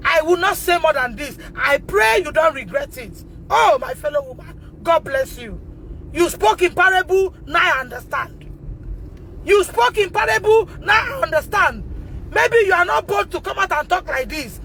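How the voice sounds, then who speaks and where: Distraught high-pitched Nigerian mother. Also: expressive, normal speed. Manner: distressed, pleading, repeats phrases, bursts into shouting. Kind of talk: emotional self-recorded video.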